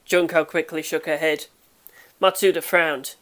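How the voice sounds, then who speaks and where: Woman, audiobook narrator, low voice, steady measured reading.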